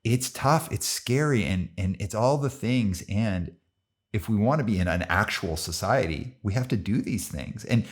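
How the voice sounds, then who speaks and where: A man's voice: fairly low pitch, breathy edge. A man hosting a podcast interview, talking animatedly and mimicking imagined listeners. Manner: animated, fast bursts, mimics imagined voices. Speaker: podcast host. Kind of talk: conversational interview.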